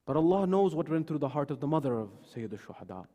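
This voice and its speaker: Speaking quickly and warmly, this man has a higher-pitched, very animated delivery. He preaches in a mosque hall, acting out the people in his stories as he recounts them, and the hall adds long reverb.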